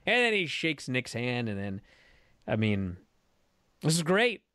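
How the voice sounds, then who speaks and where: A man co-hosting a podcast, telling a wrestling event as a lively story and acting out what people said. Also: medium pitch, unhurried, clear, resonant tone, no room sound, studio quality. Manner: animated storytelling, acting out quotes. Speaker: podcast co-host. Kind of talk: casual wrestling recap chat.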